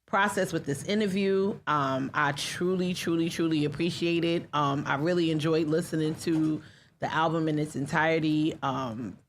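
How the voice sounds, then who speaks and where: Lisping woman host, low-pitched, relaxed and teasing, stumbling a bit, faint room hum. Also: normal speed. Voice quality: slight lisp. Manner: loose, laughing, self-teasing, stumbles over words. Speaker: podcast host. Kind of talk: casual interview chat.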